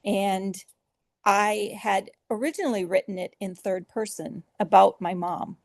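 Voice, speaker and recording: Earnest middle-aged woman author, a touch of fry, recorded dry, talking openly in an interview. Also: mid-range voice, measured pace, dry recording. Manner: earnest, emotional, with soft laughs and filler restarts. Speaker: author guest. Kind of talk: conversational interview storytelling.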